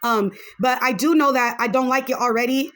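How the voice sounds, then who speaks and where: Woman, podcast reaction host, high voice, quick talker, frank and chatty. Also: fairly bright tone. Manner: chatty, frank, opinionated, drops in Spanish phrases. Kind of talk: casual reaction commentary.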